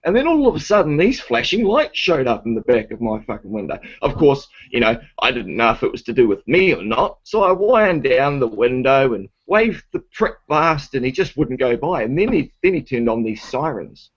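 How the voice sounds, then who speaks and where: A husky-voiced man, ranting and argumentative as he tells his story and swears freely. His voice sits at an ordinary pitch. The recording sounds dull and lo-fi. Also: sing-song, moderate pace, hardly any pauses. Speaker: guest telling a story. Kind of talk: casual storytelling.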